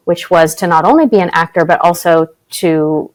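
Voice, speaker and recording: Canadian woman telling lively stories. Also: lowish voice, normal speed, few pauses, poor audio. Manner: animated storytelling with laughs and acted-out quotes. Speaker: podcast guest, actress and spiritual teacher. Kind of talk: casual interview storytelling.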